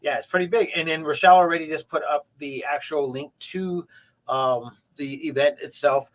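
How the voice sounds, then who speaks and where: A man's voice: fairly high pitch, fairly even intonation, moderate pace. A man co-hosting a local morning show in casual chat, rambling and restarting with lots of fillers. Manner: rambling, repeats words, many fillers.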